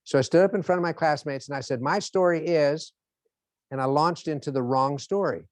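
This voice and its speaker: Animated male motivational speaker. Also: a little high, quick pace, no room sound. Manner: animated storytelling, acts out scenes. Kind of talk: motivational lecture.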